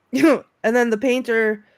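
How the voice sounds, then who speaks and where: A woman co-hosting a casual film chat over a video call, lively and laughing as she acts out favorite quotes. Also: fairly high pitch, slow, smooth, dry recording, studio quality. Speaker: podcast co-host.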